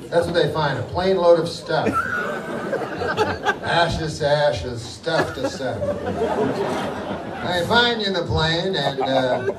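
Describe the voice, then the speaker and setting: An older man doing a live stand-up set, deadpan and rambling with lots of profanity. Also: fairly high pitch, takes it slowly, pauses often. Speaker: stand-up comedian. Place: live comedy venue with audience. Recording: echoey room from far off with loud crowd noise.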